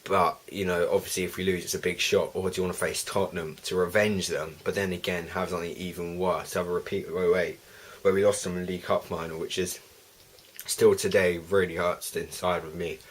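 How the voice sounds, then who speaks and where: Young man, low husky voice, sweary ranting fan vlog. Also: level tone, brisk. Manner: heated, sweary, rambling with restarts. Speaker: football fan vlogger. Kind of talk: ranting fan video review.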